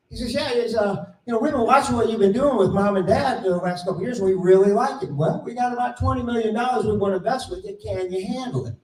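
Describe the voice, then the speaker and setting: A middle-aged man giving a conference talk, telling a folksy story and acting out the dialogue with animated voices. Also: sits high, a little hiss or hum. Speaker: conference speaker. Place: conference room. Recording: roomy, distant mic, faint ambience.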